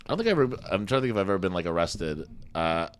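A man co-hosting a casual podcast, his voice sitting on the low side and his pace quick. He swears freely, trips over his words and restarts as he acts out what others said. It sounds like friends chatting. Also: very animated, a little hiss or hum. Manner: swears a lot, stumbles and restarts, acts out quotes. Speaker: podcast co-host. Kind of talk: casual chat, storytelling.

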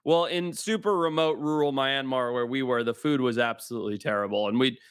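A man, a guest adventurer, telling a story in an animated way and acting out the people in it. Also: medium pitch, fairly quick, clean tone, no room sound, clean studio sound. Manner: animated, acts out the people in his stories. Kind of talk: casual storytelling.

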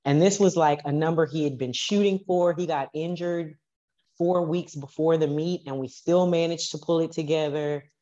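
Low-voiced woman telling animated coaching stories. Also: normal speed, highs cut off. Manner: animated, acts out quoted dialogue. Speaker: powerlifting coach and guest. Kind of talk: casual storytelling interview.

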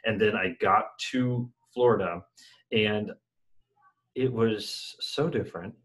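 A man from Texas hosting a podcast, chatting in a relaxed, conversational way. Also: on the low side, slow, poor audio. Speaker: podcast host. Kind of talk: casual interview chat.

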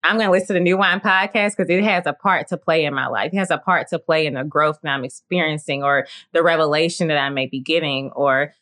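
Low-voiced woman, earnest podcast host. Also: steady tone, quick pace, few pauses, fairly bright tone. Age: late 20s. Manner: earnest, encouraging, reflective, with frequent "like" and "you know". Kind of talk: faith-based solo podcast talk.

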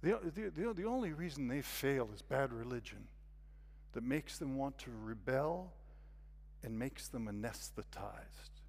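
A man playing a patient apostle who answers critics softly and with gentle irony. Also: medium pitch, expressive, unhurried. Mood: wry gentle. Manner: soft, gently ironic. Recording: long reverb of a hall.

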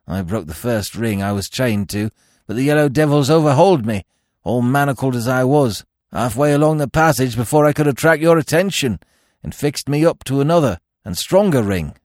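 A man voicing a composed male servant who reports events briskly and matter-of-factly. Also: medium pitch, animated, darkish tone, no room sound, clean studio sound, voice pushed up, lightly acted.

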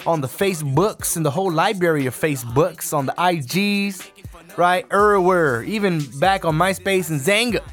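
A man's voice: high voice, normal speed, fairly bright tone, soft background music. A man hosting his own podcast, talking solo in a blunt, profane, ranting way. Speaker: podcast host. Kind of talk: casual solo podcast rant.

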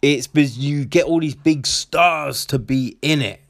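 A man giving a rambling, excitable film review, swearing freely and packing his talk with fillers. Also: on the high side, measured pace, vocal fry. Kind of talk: casual spoken film review.

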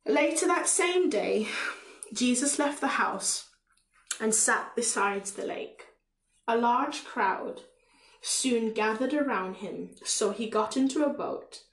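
A woman's voice: a little high, slow pace, reverberant, low-quality recording. A woman with a Caribbean accent giving a casual devotional talk, reading scripture aloud with many fillers and asides. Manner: relaxed, with frequent fillers and self-asides. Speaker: podcast preacher.

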